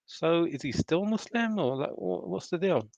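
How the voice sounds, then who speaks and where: A livestream host laughs frequently and stops to rewind while eating and reacting to a video in casual chat. His voice is a little high, gravelly and a bit mellow, with big pitch swings at a moderate pace, no echo, and a dull, lo-fi dry mic.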